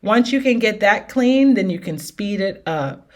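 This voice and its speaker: A woman's voice: mid-range voice, lively intonation, unhurried. A woman teaching an R&B singing lesson with demonstrations, upbeat and encouraging, often checking in with her students. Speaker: vocal coach.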